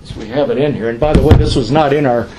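A man's voice: medium pitch, quick pace, heavy background noise. Middle-aged pastor guy teaching a class, chatty, asks and answers his own questions.

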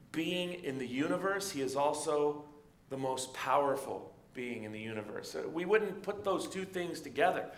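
Conversational pastor, slightly high voice. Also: male voice, reverberant. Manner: conversational, animated storytelling with asides. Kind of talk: sermon.

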